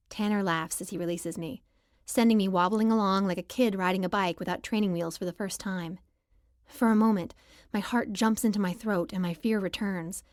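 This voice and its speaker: A woman reading a first-person romance novel aloud as audiobook narrator, in a lively, expressive style. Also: medium pitch, moderate pace, no room sound, studio quality.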